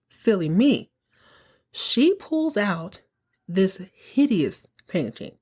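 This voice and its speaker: A woman hosts a podcast and recaps episodes in casual, chatty tones. She keeps things sassy, slipping in quick asides along the way. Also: medium pitch, very animated, husky. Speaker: podcast host.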